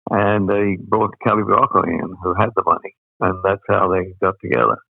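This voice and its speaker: An older man with an Australian accent, telling stories as an interview guest, rambling with many pauses and fillers. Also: deep voice, gravelly, no room sound. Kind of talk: anecdotal storytelling. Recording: dry, phone-like sound.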